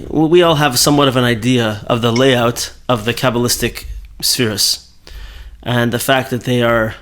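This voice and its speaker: A man's voice: mid-range voice, a bit bright. Man, Torah teacher, mid-range voice, casual conversational lesson delivery. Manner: conversational, thinking aloud with fillers and self-corrections.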